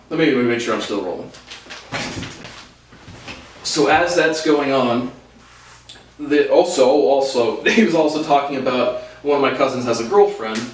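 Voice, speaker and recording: A man's voice: medium pitch, a little hiss or hum. A man in his late twenties telling a long story in a casual, rambling and heated monologue, full of repetition and swearing. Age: late 20s. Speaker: vlogger. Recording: echoey room, mic at a distance.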